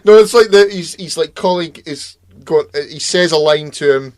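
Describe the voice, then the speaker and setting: A man's voice: fairly high pitch, moderate pace, no echo. A man co-hosting a podcast in casual chat, rambling off topic, laughing often and swearing offhandedly. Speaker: podcast co-host.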